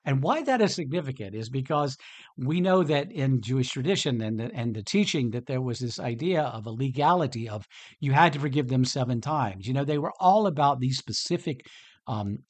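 A man hosting a podcast who reads a Bible passage and then talks it through in a chatty, animated way, often restarting his sentences. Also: mid-range voice, brisk. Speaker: podcast host. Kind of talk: conversational Bible talk.

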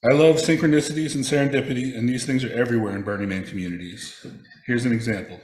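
A man reading a prepared personal reflection aloud, telling stories in a measured way with touches of wry humor. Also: medium pitch, fairly even intonation, darkish tone, roomy sound. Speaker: speaker sharing a personal reflection.

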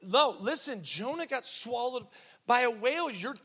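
A man acting out an excited, stubborn seven-year-old girl in a sermon story, speaking insistently in a large reverberant hall. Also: extremely high pitch, normal speed, slightly rough, voice pushed up, heavily acted. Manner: insistent, eager.

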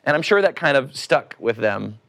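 Lively joking male preacher. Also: mid-range voice, moderate pace, gravelly. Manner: animated, joking, asks the audience questions; acts out quoted voices. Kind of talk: casual sermon to a group.

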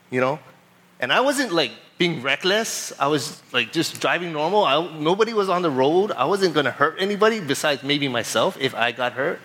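A pastor preaching a sermon, talking in a relaxed, conversational way and acting out both sides of an exchange. He speaks with a fairly high voice. When he reads scripture he slows into a steadier, measured delivery. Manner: casual storytelling, animated retelling of a traffic stop.

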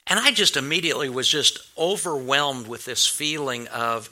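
A man's voice: medium pitch, normal speed, bright, forceful tone. A male pastor telling a personal story in a sermon, earnest and anecdotal, with many restarts and fillers.

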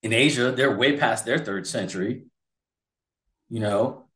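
A man in his forties, co-hosting a casual political chat, talking in an animated, rambling way. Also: medium pitch, measured pace. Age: 40s. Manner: animated, rambling, acts out voices. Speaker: podcast co-host. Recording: roomy echo.

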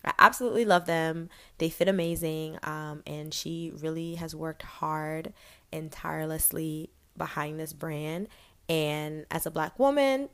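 A woman's voice: low-pitched, measured pace, a bit bright. A young woman vlogging in a chatty, enthusiastic way, full of fillers as she recommends small businesses. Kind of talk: casual chat to camera.

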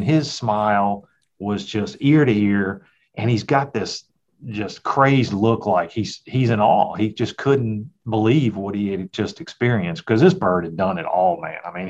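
Deep-voiced middle-aged man telling stories. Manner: folksy, reflective storyteller. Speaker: guest, hunter and father. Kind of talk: casual storytelling in conversation. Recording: dull, lo-fi sound.

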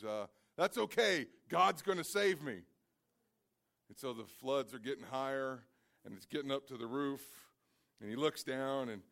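A male preacher with a fairly high-pitched voice delivers a storytelling sermon. He acts out the people in his stories, jumping up into loud, high cries for their lines. He often repeats and restarts his words as he talks.

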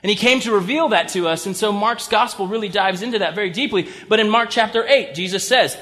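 A man's voice: high-pitched, fast talker, hardly any pauses, sharp tone. A man preaching a sermon as pastor, in a conversational style with humorous asides. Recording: long reverb of a large hall.

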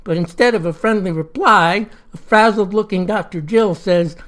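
A woman's voice: medium pitch, moderate pace, hardly any pauses. A woman telling a story in a folksy, chatty fireside style.

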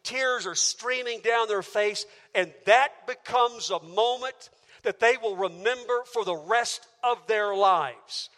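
High bright-voiced preacher in a reverberant hall. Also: male voice, slow pace. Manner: emphatic, builds with rhetorical questions. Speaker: pastor. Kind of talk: sermon. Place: church auditorium.

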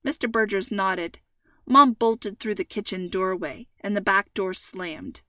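A woman narrates a story with clear, even delivery. Her voice sits at a middle pitch, recorded close and dry. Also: measured pace, no echo, recorded from a distance. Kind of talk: scripted narration.

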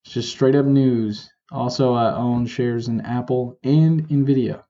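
A man's voice: mid-range voice, fairly even intonation, measured pace, warm tone, muffled recording. A young man hosting a podcast, ranting in a frustrated, exasperated way and correcting himself as he goes. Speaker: podcast host. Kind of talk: casual ranting commentary.

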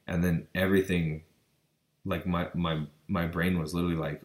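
Deep-voiced man telling a story earnestly. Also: flat delivery, a little fast. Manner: earnest, breathless retelling with many restarts and stammers; keeps saying literally. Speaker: vlogger. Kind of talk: personal storytelling.

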